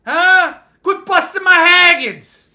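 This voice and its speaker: A man putting on the loud, gruff voice of a pushy older male author who shouts his words. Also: very high voice, slow, pitched above the performer's own voice, full character voice. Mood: shouting.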